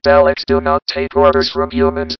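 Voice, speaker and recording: A performer voicing a cold, menacing alien war machine through a robot filter, speaking in harsh, clipped, monotone commands. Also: very deep voice, normal speed, clean tone, no room sound, dull audio.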